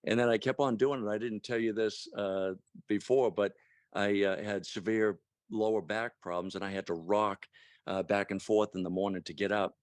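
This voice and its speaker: A man in his sixties giving a casual testimonial on a call, halting with many fillers and restarts. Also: fairly low pitch, steady tone, no room sound. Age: 60s.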